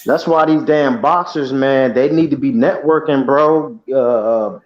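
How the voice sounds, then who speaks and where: A man's voice: medium pitch, a little slow, dull audio. A man co-hosting a casual, profane chat, repeating himself to drive his point home. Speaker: podcast co-host.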